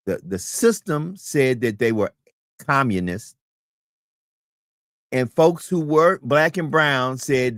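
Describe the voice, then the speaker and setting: A man hosting a live talk show, speaking in a preachy, emphatic way that climbs toward shouting. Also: mid-range voice, no echo, clean studio sound. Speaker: host.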